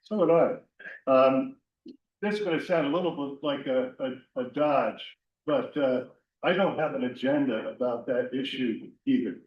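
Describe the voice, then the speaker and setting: A man's voice: medium pitch, normal speed. Man fumbling through an answer at a town meeting, dull lo-fi sound, faint background hum. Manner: hesitant, with many fillers and restarts. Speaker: select board candidate. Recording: distant, dull sound in an echoey hall.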